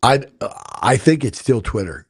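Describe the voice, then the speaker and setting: A man's voice: medium pitch, very animated, normal speed, breathy edge, no room sound, clean studio sound. A man co-hosting a church podcast, chatting casually and joking with his co-host. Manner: playful, jokey, breaks into laughter. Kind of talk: casual banter.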